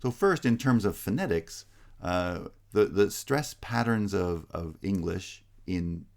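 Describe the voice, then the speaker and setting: Gravelly deep-voiced male lecturer. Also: expressive, slow pace, darkish tone. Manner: explanatory, frequent "uh" fillers and restarts. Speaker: linguistics lecturer. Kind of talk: recorded online lecture.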